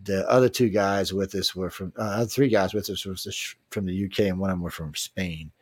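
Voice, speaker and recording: A man with a New Orleans accent hosts a casual chat show, spinning long, meandering stories with plenty of cursing and easy chuckles. His voice sits fairly low, and the recording is close and dry with no room sound. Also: fairly even intonation, fairly quick, no echo. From New Orleans, USA. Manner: loose, rambling, swears freely, chuckles between lines.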